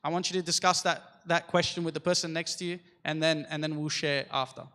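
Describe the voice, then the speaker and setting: A young man speaks to a church youth group in a slightly high voice, recounting a story and checking in with his listeners. His voice carries a long reverb from the hall around him. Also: steady tone, fast, sharp tone. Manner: storytelling, addresses the group with repeated "okay?".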